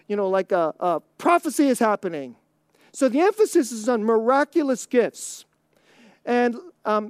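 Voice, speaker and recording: A pastor delivering a sermon in a chatty, emphatic manner, breaking into laughter now and then. Questions are tossed straight at the congregation. The voice sits at a middle pitch and is recorded dry and close, with no room echo. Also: a little mellow. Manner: conversational, emphatic, laughs often; asks the audience rhetorical questions.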